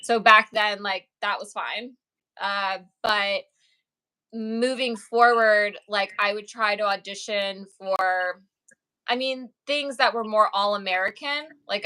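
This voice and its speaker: A woman's voice: mid-range voice, fairly even intonation, measured pace, pushed and bright, clean tone, low-quality recording. A woman actress and author chatting in an interview, telling stories in an upbeat way with many fillers. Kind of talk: casual interview chat.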